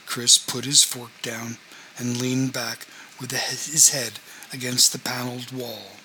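A man reading a novel aloud in a measured, even narrating voice. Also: mid-range voice, slight background noise, poor audio. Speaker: audiobook narrator.

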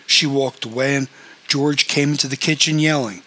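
A man narrating a novel in a steady, matter-of-fact storytelling manner. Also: mid-range voice, moderate pace, rough recording. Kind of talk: audiobook fiction reading.

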